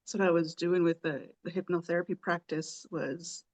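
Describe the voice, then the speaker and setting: A woman's voice: fairly low pitch, steady tone, moderate pace, a little mellow. Chatty woman host, laughing often. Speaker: podcast host. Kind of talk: casual chat.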